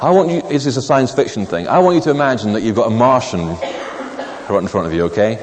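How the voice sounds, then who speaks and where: A man preaching a sermon, reading scripture slowly and emphatically, then telling stories with dry, wry asides. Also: lively intonation. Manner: measured, emphatic, drops low on key words. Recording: long reverb of a large hall.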